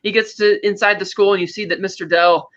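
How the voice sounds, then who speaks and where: High, bright-voiced man recapping a film. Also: fairly quick, dull audio. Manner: rambling animated retelling with acted quotes. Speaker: podcast co-host. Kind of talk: casual chat, film recap.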